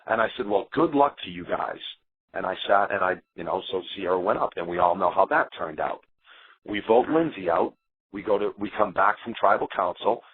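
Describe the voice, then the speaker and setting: This man, an eliminated contestant, defends himself with animation in a heated interview, acting out quotes from other people. His lowish voice is slightly rough; the recording is dry and comes through a tinny phone line.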